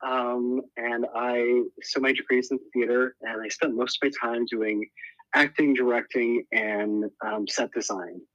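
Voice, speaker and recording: A man's voice: medium pitch, steady tone, a little slow, fairly bright tone, no room sound, muffled recording. A man from Nebraska, an interior designer, telling his story in a friendly, laughing way on a podcast. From Nebraska, United States.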